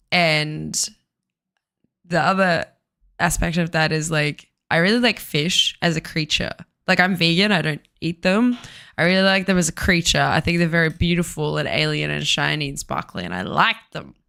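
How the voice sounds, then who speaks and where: A woman musician chatting casually on a livestream, her voice hoarse from talking too much, rambling with fillers. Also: sits low, moderate pace, sharp tone. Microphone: desk microphone, turned down for clipping.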